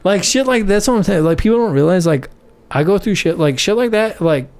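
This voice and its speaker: Animated, profane guy. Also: sits high, fairly quick. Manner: animated, profane, lots of "like" and "right?". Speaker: podcast co-host. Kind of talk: casual storytelling chat.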